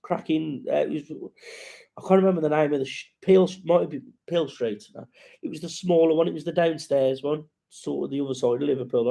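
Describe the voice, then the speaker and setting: A man's voice: a little high, gravelly, warm tone. A man hosting a casual live-stream chat, rambling and sweary as he greets viewers and reads out their comments.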